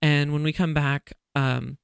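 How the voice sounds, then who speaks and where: A man hosting a casual chat podcast, telling stories in an animated way and laughing often. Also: on the high side, unhurried, gravelly, very noisy. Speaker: podcast host.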